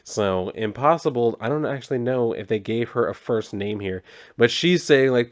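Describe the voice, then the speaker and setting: A young man giving a casual comic book review, rambling and relaxed with plenty of fillers. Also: mid-range voice, moderate pace.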